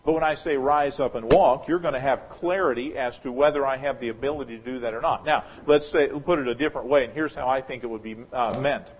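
A man preaching a sermon as pastor, talking through a scripture passage in a conversational, speculative way and slowing down to stress quoted verses. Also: mid-range voice, breathy edge, muffled recording. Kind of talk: expository sermon.

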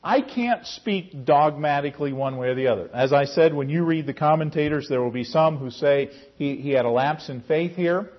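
Man, Bible class teacher, husky voice, muffled recording. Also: normal speed, hardly any pauses. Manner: conversational, calls on class members by name. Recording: muffled low-fidelity recording.

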